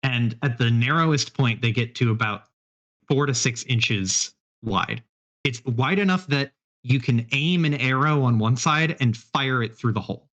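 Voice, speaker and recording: A man's voice: medium pitch, unhurried, a bit bright. Rambling male game master, muffled audio. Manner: rambling, hedging descriptions with many fillers. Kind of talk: narrating a tabletop game. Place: live stream.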